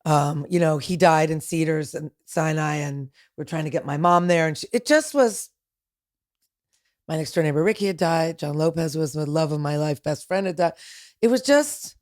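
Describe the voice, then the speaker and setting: A woman's voice: deep voice, animated, moderate pace, a little mellow. A woman talking as a podcast guest, rambling through stories with many restarts. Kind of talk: casual conversation.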